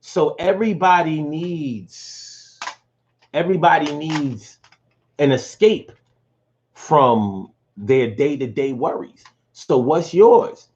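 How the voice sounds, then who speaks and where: Speaking slowly in a slightly high voice, this live-stream host shares personal stories that are lively, emotional and heavy on swearing. The recording is muffled, with a bit of background noise, and the talk is casual.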